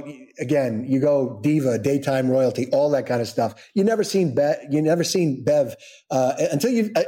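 A middle-aged man, an actor, telling backstage stories in a lively way and acting out the quotes. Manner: lively storyteller acting out quotes with big pitch jumps. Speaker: actor and guest. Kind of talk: animated anecdote-telling.

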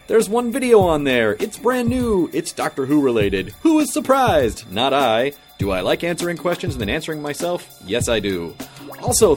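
Male host, wry intro read, bright lively pitch, light music bed. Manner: wry, self-mocking, answers his own questions. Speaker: podcast host. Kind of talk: scripted show intro and announcements. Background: faint music.

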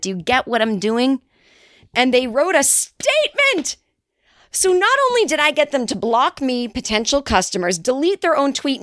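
A woman with a high-pitched voice delivers a comedy podcast monologue, sarcastic and profane. She jumps into shrill mocking voices when she quotes people. The sound is close and dry, with no room around it. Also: dry recording. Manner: profane, sarcastic, animated ranting. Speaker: podcast host.

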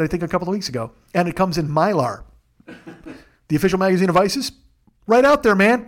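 A man hosting a comedy podcast, delivering a rambling, profane monologue full of absurd, self-mocking tangents. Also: fairly high pitch. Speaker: podcast host.

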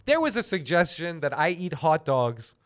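A man's voice: a little high, big pitch swings, normal speed. A man hosting a comedy podcast, rambling and joking, dropping into goofy put-on voices. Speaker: podcast host. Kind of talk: comedic casual chat. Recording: loud music bed behind the voice.

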